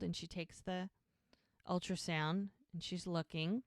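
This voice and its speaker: A woman's voice: fairly low pitch, steady tone, normal speed, no echo, clean studio sound. A woman co-hosting a podcast, casually retelling a TV episode scene by scene, quoting the characters as she goes. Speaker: podcast co-host.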